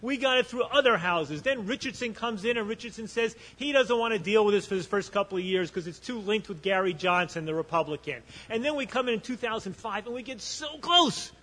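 A man's voice: high voice, expressive, fairly quick, hardly any pauses, fairly bright tone, in a large hall. A man speaking on a panel at a conference, telling a story with animation and often restarting his sentences. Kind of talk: conference talk.

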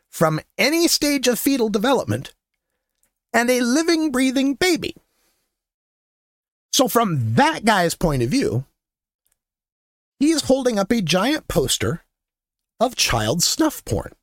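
A man hosting his own show, telling a story in a casual monologue. He is blunt and profane, gets louder and higher as he gets worked up, and laughs between lines. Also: slow, long pauses, no room sound, clean studio sound. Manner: animated, rising to near-shouting when worked up, laughs between lines. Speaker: podcast host.

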